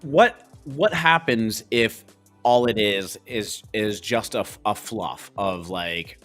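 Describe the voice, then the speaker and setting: A man's voice: fairly low pitch, animated, takes it slowly, a bit bright, soft background music. A man with a Canadian accent co-hosting a podcast, talking bluntly in a rambling, casual way full of fillers. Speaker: co-host.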